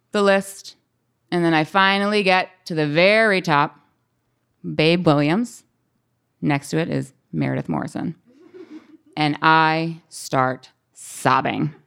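Grown woman doing live storytelling, kinda lowish voice, real smooth and clear, acts out everyone she quotes. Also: fairly bright tone. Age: adult.

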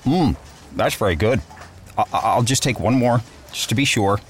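A man's voice: on the low side, lively intonation, moderate pace, natural voice. An actor playing an eager man greedily taking free brownie samples in an ad. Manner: munching, eager, chuckling. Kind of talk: radio ad acting.

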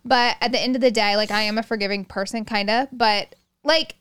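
A woman co-hosting a podcast, telling a gossip story in an animated, casual way and swearing freely. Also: fairly high pitch, brisk, smooth. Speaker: podcast co-host. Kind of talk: casual chat.

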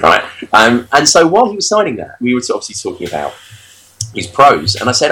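A man co-hosting a podcast, telling stories in a lively, self-deprecating way. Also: mid-range voice, brisk, slightly rough, poor audio. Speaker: podcast co-host. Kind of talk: casual chat.

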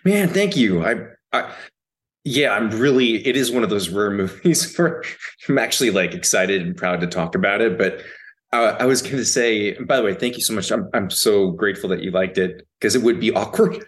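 A man's voice: fairly low pitch, lively intonation, moderate pace, a bit bright. Laid-back, laughing middle-aged male guest. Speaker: actor guest. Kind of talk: casual interview chat.

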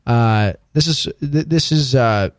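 A man's voice: mid-range voice, takes it slowly, dry recording. A man hosting a casual studio talk show, chatty and stammering through restarts. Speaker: host. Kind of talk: casual podcast chat.

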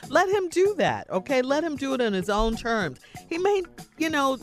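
A woman's voice: high-pitched, very animated, moderate pace, faint music behind. A woman co-hosting a radio advice show, giving firm, direct advice with a slightly congested voice. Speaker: radio co-host reading and answering letters.

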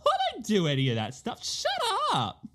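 A man voicing a prissy woman who refuses to join in the gossip, in a high, squeaky mock falsetto. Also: wildly swooping pitch, normal speed, a bit bright. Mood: prim.

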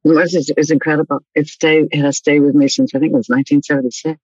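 A woman's voice: sits low, level tone, quick pace, darkish tone, no room sound, highs cut off. An older woman being interviewed as a guest, talking in a casual way with dry, wry humor.

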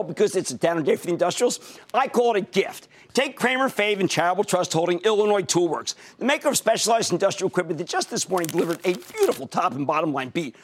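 A man hosting a stock market TV show, losing his voice, giving emphatic, punchy commentary straight to viewers. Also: sits high. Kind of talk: energetic financial TV commentary.

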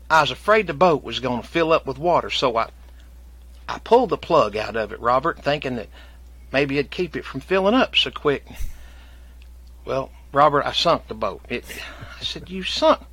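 A man's voice: medium pitch, expressive, normal speed, long pauses, bright, forceful tone, slightly rough, dry recording. A man guest telling a long comic story in folksy rural dialect, acting out both sides of the conversation. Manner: drawling rural dialect, acts out both sides of his stories.

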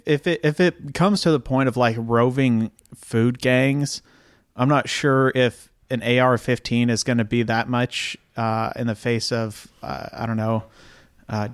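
A man's voice: medium pitch, fairly even intonation, clear, resonant tone, dry recording, studio quality. Rambling man hosting a podcast. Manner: rambling, halting, many restarts and laughs. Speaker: podcast host. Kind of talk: casual chat. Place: New York apartment.

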